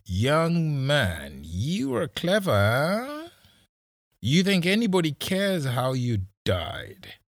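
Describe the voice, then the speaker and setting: Man doing a menacing police officer, husky and slow-spoken, taunting, storybook reading. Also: fairly high pitch, wildly swooping pitch, no echo, clean studio sound, voice pushed up, heavily acted.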